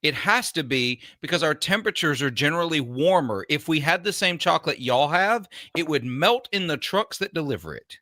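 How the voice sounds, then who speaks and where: Dry, joking co-host. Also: male voice, fairly high pitch, expressive, a little fast, hardly any pauses, pushed and bright, no room sound. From United States. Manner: dry, joking, laid-back. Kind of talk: casual live-stream chat.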